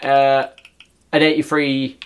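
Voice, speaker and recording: A young man commentating on his own gameplay, talking to viewers in an excitable, chatty way and shouting at big moments. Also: mid-range voice, takes it slowly, smooth, faint music behind. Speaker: gaming YouTuber.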